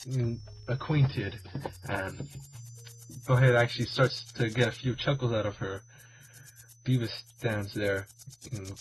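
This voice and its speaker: Rambling, crude man reading parody creepypasta. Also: mid-range voice. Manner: rambling, crude, self-mocking. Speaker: video host. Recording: dull lo-fi recording with music.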